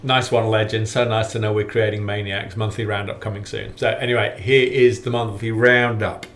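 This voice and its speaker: A man's voice: fairly low pitch, flat delivery, moderate pace, a bit bright, slight background noise. A middle-aged man hosting a casual hiking vlog roundup, friendly and rambling with lots of fillers. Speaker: hiking challenge organiser and vlogger.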